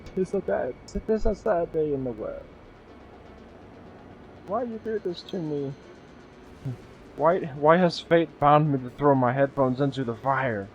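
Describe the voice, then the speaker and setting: A man's voice: a little high, measured pace, long pauses, slight background noise, voice pushed up. A man voicing a theatrical, grieving middle-aged father who wails in mock-tragic, old-fashioned speech, on dull lo-fi audio. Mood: mock lament.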